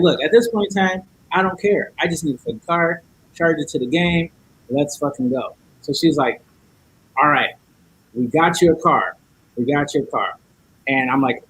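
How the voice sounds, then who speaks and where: A man's voice: mid-range voice, fairly bright tone, slight background noise, rough recording. A man guest on a podcast, telling a story in casual chat, acting out each side of the dialogue and cursing a lot.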